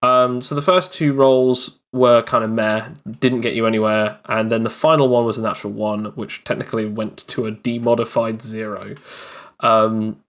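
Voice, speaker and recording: A man's voice: fairly low pitch, moderate pace. A man who runs a tabletop game, telling a story in casual chat with lots of fillers and restarts. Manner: animated storyteller, many fillers. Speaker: game master.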